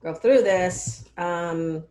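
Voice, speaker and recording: A woman's voice: lowish voice, extremely slow, dark tone, echoey room, a little hiss or hum. A woman mentoring students in a casual meeting on a video call, rambling with many fillers and often checking that they follow. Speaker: research mentor.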